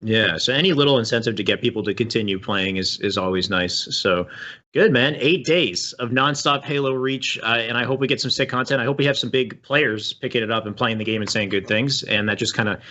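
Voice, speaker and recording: A man's voice: mid-range voice, brisk, sharp tone. A man hosting a casual esports news show, talking in a laid-back way with lots of fillers and restarts. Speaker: show host. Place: home setup on a voice call. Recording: dull lo-fi stream audio.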